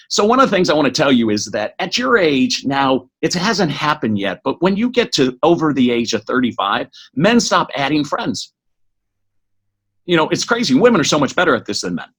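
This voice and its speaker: A middle-aged man speaking as a podcast guest, giving an energetic motivational talk that is quick and full of restarts. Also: a little high, slightly rough. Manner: energetic, fast, with many restarts.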